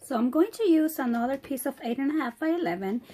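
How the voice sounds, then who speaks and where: A woman with a hoarse, fading voice, chatting her way through a step-by-step crafting tutorial. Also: high voice, expressive, dark tone, slight background noise. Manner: chatty, unhurried, talks while working. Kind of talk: casual step-by-step craft demonstration.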